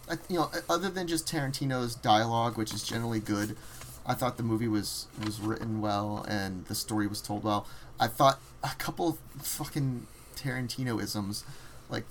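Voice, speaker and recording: Man, podcast co-host, lively storyteller, light room hiss behind. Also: medium pitch. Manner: animated storytelling, swears casually, acts out scenes. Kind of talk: casual chat.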